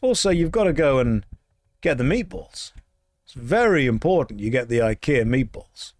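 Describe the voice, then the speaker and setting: A man's voice: medium pitch, sing-song, normal speed, no room sound. A man chatting casually with viewers while playing a game, in a dry, sarcastic way. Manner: dry, sarcastic banter with chat. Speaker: streamer. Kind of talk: casual gameplay stream chat.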